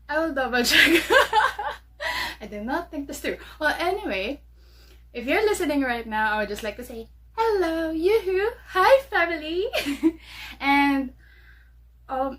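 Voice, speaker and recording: A woman with a Filipino accent hosting a casual solo podcast from her bedroom, chatty and bubbly with frequent laughter. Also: mid-range voice. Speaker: podcast host.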